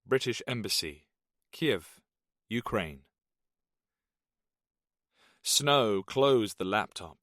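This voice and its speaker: A man narrating an audiobook in a steady, even reading. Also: lowish voice, extremely slow, long pauses, dry recording, studio quality. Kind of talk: scripted narration.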